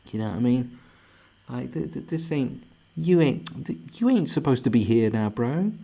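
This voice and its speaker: A man's voice: medium pitch, lively intonation, moderate pace, gravelly, dark tone. A young man streaming live, ranting crudely and mocking the video in front of him, laughing often. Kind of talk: profane ranting reaction stream.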